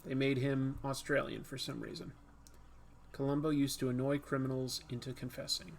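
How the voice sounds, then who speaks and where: A man's voice: medium pitch, little pitch movement, normal speed, gravelly, a little hiss or hum. A man hosting a comics video, chatting casually and self-mockingly while drawing. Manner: self-mocking, chuckling between attempts.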